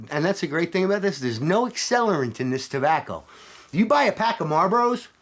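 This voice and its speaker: A middle-aged man rambling and ranting profanely to camera in a casual vlog, sometimes mocking others in put-on voices. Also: fairly high pitch. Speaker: vlogger.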